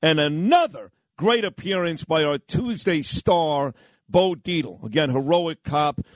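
A man's voice: fairly high pitch, animated, unhurried, no echo. A man hosting a morning talk radio show in an effusive, announcer-like way.

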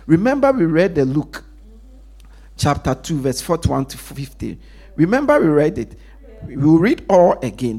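A male pastor preaching with a husky edge and a pitch that swings widely. He asks the congregation to finish his sentences, and he sinks to a near whisper when he stresses a point. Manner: call-and-response preaching, lively pitch, drops to a hush for emphasis. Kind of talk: sermon.

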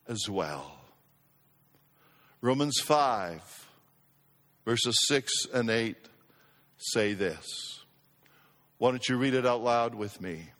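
A man's voice: mid-range voice, fairly bright tone. A man preaching a sermon as pastor, emphatic, repeating phrases for effect and calling out to the congregation in a church sanctuary. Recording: long church-hall reverb.

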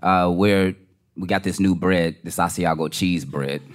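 A man's voice: low-pitched, fairly even intonation, a little slow. A middle-aged man, a musician, chatting in a laid-back, rambling way with plenty of slang. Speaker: musician, co-host. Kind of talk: casual chat.

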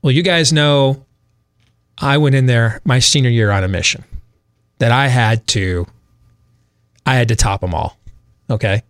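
A man of middle pitch tells a long story on a talk show, rambling and animated, with plenty of ums and quick laughs. He comes from Michigan, and his voice sounds close and dry in a studio. The delivery is casual and lively throughout. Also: dry recording. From Michigan, USA. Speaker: radio talk show host.

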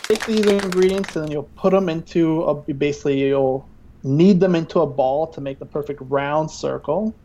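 A man's voice: fairly high pitch, normal speed, dark tone, slight background noise. A man playing a guest cook on a pretend cooking show, joking and rambling with lots of fillers. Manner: playful, rambling with many fillers. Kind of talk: improvised mock cooking show chat.

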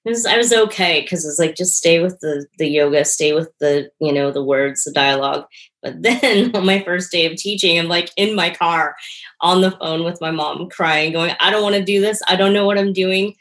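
A woman's voice: sits low, normal speed, fairly bright tone. A woman guest in an interview, talking earnestly and reflectively about her work and teaching, often with a light laugh. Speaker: interview guest, performance artist and yoga teacher. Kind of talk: casual interview conversation.

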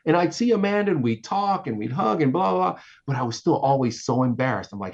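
A man telling a story in casual podcast chat, lively and acting out what people said. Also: fast talker, gravelly, breathy edge, dull audio. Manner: animated, acts out quotes with big pitch jumps. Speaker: guest, entertainment reporter.

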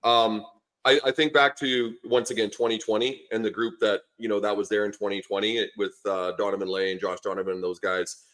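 Here the Canadian ex-lineman and coach talks briskly, his lowish voice a bit bright with little pitch movement. Middle-aged and casual on the podcast, he rambles through tales, restarting often and leaning on fillers.

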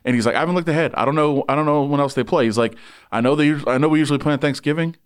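A man's voice: a little high, rapid-fire, clean tone. A man who works as a sports reporter, telling a long story in casual chat and acting out the people in it. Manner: animated, voices people in anecdotes.

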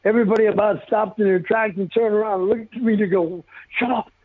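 Talking fast in a high voice with fairly even intonation, an older man shares stories from his football career as a guest in a casual interview. He's blunt and profane and chuckles a lot, and the phone line sounds tinny.

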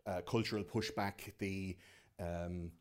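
A man's voice: sits low, fairly even intonation, slow pace. A young man with a Liverpool accent, hosting a podcast in front of a live audience and ranting casually with lots of swearing. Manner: loose and profane, mocking put-on voices.

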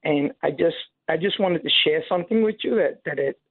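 A man calling in to a radio show, emotional and impassioned, halting with many restarts over a tinny phone line. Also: fairly high pitch, breathy edge, no echo. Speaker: caller. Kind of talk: call-in radio caller.

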